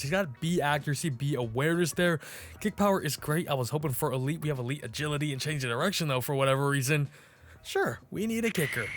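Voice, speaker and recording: A young man casually commenting on his own video game play, excitable and slangy, swinging between hype and groaning. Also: a little high. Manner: slangy, says bro. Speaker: gaming YouTuber.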